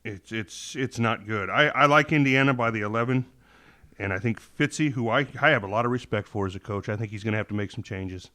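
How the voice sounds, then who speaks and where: A fast-talking man with a lowish, slightly bright voice barely pauses as he co-hosts a casual sports podcast. Though hiccuping, he reasons through games in a rambling, reflective way, frequently correcting what he just said.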